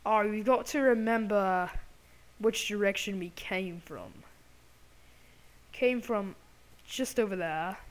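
A woman's voice: medium pitch, takes it slowly, pauses often. A woman hosting a gameplay video, chatting to viewers while putting on an exaggerated British accent. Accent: put-on British. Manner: chatty, apologetic asides to viewers. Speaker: gaming channel host. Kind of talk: gameplay commentary.

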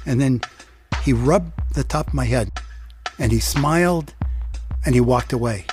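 A man telling a personal story in a reflective, halting way. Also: medium pitch. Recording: produced podcast with music bed.

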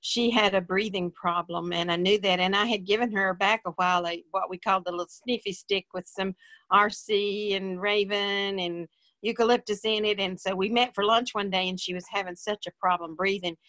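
A woman's voice: medium pitch, fairly even intonation, moderate pace, a bit bright, no room sound. A woman guest in a casual interview, telling a story in a plain, rambling way with many fillers.

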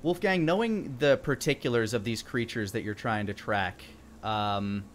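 A man narrating a tabletop fantasy game as dungeon master, relaxed, with fillers and restarts. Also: medium pitch, moderate pace, slight background noise.

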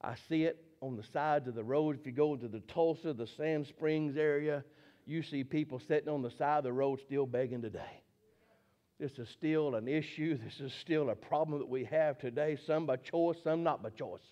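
A man preaching a fervent sermon, repeating phrases and rising to shouts. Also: a little high, moderate pace, highs cut off.

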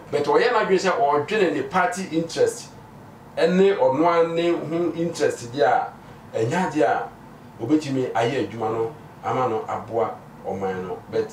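A man with a Ghanaian accent gives a measured, earnest opinion, speaking mostly in Twi. He sounds set back from the microphone, and there is a noticeable echo. Faint noise sits underneath. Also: medium pitch. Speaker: interviewee. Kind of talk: casual street interview. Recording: echoey, distant mic, faint noise.

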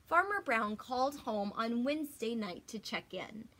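A young adult woman teacher reading a picture book aloud to children, gentle and expressive with gasps and whispers. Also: on the high side, normal speed, slight background noise.

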